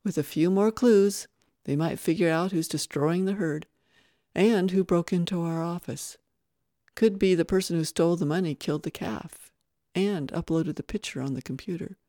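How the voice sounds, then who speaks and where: A reader doing a calm ranch owner. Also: male voice, on the high side, moderate pace, no echo, studio quality, lightly acted. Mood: explaining. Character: steady male ranch owner, calm and reasoning.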